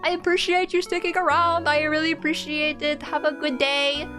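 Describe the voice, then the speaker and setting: A woman's voice: high voice, level tone, normal speed. A woman streamer in casual live chat with her viewers. She talks in a chatty, openly emotional way, straight to her chat. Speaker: game streamer. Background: faint game music.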